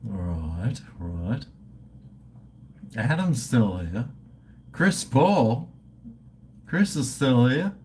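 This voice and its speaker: An Australian man in his fifties hosts a casual livestream, drawling slowly in a medium-pitched, darkish voice with big pitch swings. He toasts his viewers, cracks crude jokes, and swears freely, with faint background noise behind him.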